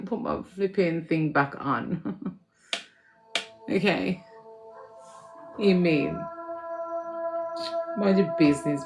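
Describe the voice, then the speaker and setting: A woman's voice: medium pitch, a little hiss or hum. A woman giving a casual spiritual reading to her viewers, chatty and laughing, sometimes swearing and slipping into slang. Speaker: spiritual reader.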